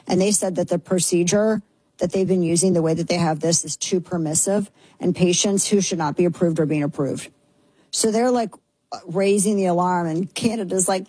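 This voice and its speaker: Mellow, husky-voiced woman radio host. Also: fairly low pitch, moderate pace, no echo, poor audio. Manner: incredulous, sarcastic, indignant. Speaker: radio talk show host. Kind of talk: opinionated talk radio monologue.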